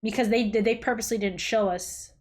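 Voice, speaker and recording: A woman hosting a reaction video, blunt and animated, swearing freely and exclaiming as she chats. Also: on the high side, a little fast. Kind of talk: casual reaction commentary.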